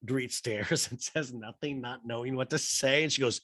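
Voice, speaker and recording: A man's voice: medium pitch, normal speed, bright, forceful tone, no room sound, studio quality. A man hosting a podcast, giving a rambling, mocking comic recap of a TV episode. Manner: mocking, rambling, repeats "I'll say". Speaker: podcast host.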